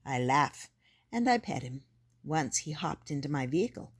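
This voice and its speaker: A woman's voice: low-pitched, big pitch swings, normal speed, husky, pitched below the performer's own voice, exaggerated voice. A woman voicing an easygoing police officer who jokes with a cat, in a storybook reading. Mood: amused.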